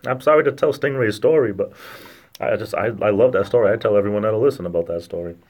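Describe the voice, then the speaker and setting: A man with a Rhode Island accent, casually chatting and joking with viewers on a livestream in a rambling, halting way. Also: lowish voice, darkish tone. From lower New England, Rhode Island–Massachusetts border. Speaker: livestream host reading chat.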